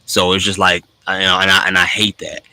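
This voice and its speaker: Male co-host, casual chat, bright edgy tone, lowish voice, opinionated and emphatic. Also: fast, clean tone, no echo, poor audio. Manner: animated, opinionated, with emphatic rises.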